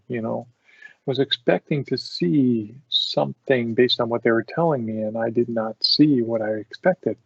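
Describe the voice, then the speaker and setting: A man hosts his own podcast and tells stories in a relaxed, chatty way, often laughing. His voice is mid-pitched with a gravelly edge. The recording is dry and a little dull. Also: measured pace, dry recording. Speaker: podcast host. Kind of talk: casual storytelling.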